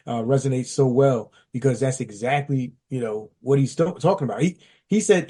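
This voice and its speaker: A man co-hosting a casual podcast discussion, talking in an animated, slangy, emphatic way. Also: moderate pace, slightly rough. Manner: animated, acts out quotes with big pitch jumps. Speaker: podcast co-host.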